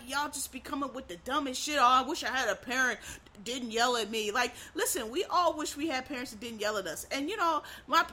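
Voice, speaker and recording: A woman ranting bluntly to camera, swearing freely, stumbling over restarts and climbing into shouts. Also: high-pitched. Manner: frequent restarts and stammered repeats. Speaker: vlogger. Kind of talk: profane ranting monologue.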